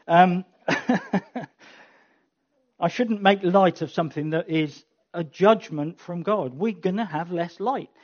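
A preacher delivers a sermon in a chatty, wry way, turning emphatic and passionate at key points. The voice sits at a middling pitch. The recording sounds somewhat dull and lo-fi. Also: darkish tone. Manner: conversational, wry asides, rising to emphatic passion. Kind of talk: sermon with closing prayer.

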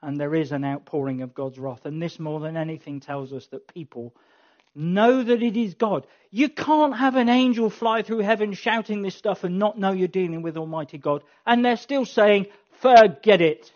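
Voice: mid-range voice, muffled recording. A preacher giving a conversational sermon with wry asides that builds to emphatic passion, then leads a prayer.

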